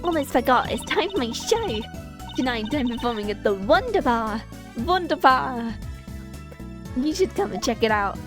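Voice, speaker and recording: A woman's voice: high voice, sing-song, normal speed. A woman doing a cheeky teen magician girl. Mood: teasing. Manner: playful, teasing. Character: cheeky teenage girl stage magician, bubbly. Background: game music.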